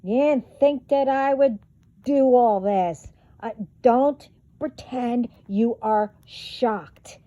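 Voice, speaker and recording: A woman's voice: on the high side, slow pace, mellow, no room sound, muffled recording. A woman vlogger delivering a profane, confrontational rant straight to her viewers. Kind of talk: angry rant to camera.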